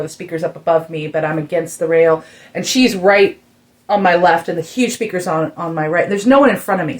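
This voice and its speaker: A woman in her forties from the United States, a musician co-hosting a podcast, telling a story with lively acted-out quotes in a casual chat. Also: medium pitch. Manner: animated storytelling, acts out quotes.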